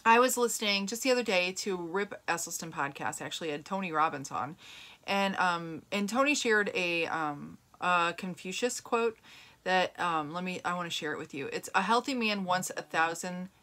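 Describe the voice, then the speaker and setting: A woman's voice: fairly low pitch, expressive, normal speed, sharp tone. A middle-aged woman hosting her own plant-based health show, talking casually and earnestly to her viewers and listeners, rambling with fillers and restarts. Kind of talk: casual talk to camera and podcast listeners.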